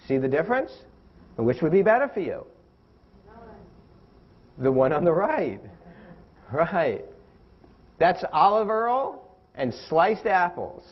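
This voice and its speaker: A man's voice: high-pitched, highs cut off. A man giving a live health lecture with props, playful and often quizzing his audience. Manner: playful, asks the audience questions. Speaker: physician assistant lecturer.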